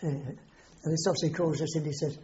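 Old english guy telling war stories, mellow voice, rambles and swears, dull lo-fi tape sound. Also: fairly high pitch, steady tone, brisk. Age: older. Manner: rambling, salty storyteller with frequent swearing. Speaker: war veteran interviewee. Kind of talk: oral history recollection. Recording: dull lo-fi recording.

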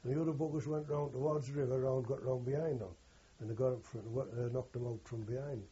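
A man's voice: medium pitch, fairly even intonation, quick pace, dark tone, slightly rough, dull audio. An older man, recalling his wartime experience in a rambling, earthy way and correcting himself as he goes. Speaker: war veteran interviewee. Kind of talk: oral history recollection.

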